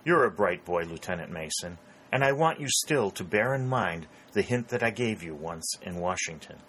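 A man's voice: deep voice, expressive, moderate pace, fairly bright tone, slight background noise, rough recording. Man reading as a shrewd elderly contractor. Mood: self-assured. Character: elderly rotund male war contractor, shrewd and alert.

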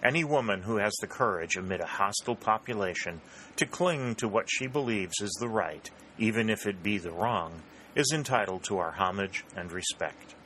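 A man reading the part of a smooth, bland male government secretary who speaks in even, silky tones. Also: lowish voice, normal speed, a little hiss or hum.

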